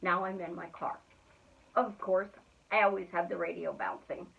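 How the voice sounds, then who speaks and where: A middle-aged woman coaching listeners through a motivational talk. She speaks earnestly and keeps returning to the same affirmations in a steady rhythm. Her voice sounds narrow and phone-like, and it comes from some distance away from the mic. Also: fairly low pitch, normal speed, vocal fry. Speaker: manifestation coach. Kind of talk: motivational self-help talk.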